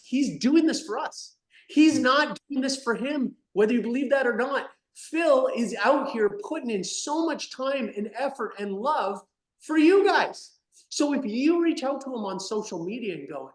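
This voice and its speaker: A man talking as a guest in an interview, animated and emphatic, swinging between loud bursts and soft asides. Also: extremely high pitch, moderate pace, reverberant. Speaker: podcast guest, company founder. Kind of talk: energetic interview talk.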